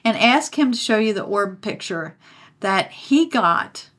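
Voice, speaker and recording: Bright-voiced eager female host. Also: mid-range voice, animated, unhurried. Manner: eager, chatty, shares own stories. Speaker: podcast co-host. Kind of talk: casual chat.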